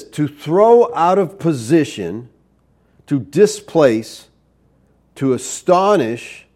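A middle-aged man preaching a verse-by-verse sermon. His voice sits a touch high for a man but sounds mellow and warm. He keeps checking in with the congregation as he teaches. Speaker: pastor.

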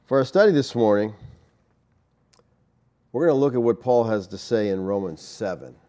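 A man's voice: lowish voice, lively intonation, moderate pace, dark tone. A man teaching a Bible study as a sermon, in a conversational way, often checking in with "okay?" and "you know".

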